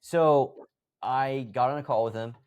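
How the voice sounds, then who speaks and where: A man's voice: medium pitch, unhurried, darkish tone, smooth, highs cut off. A man in his thirties, a podcast guest, telling a story casually and animatedly, acting out conversations and swearing freely. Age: 30s.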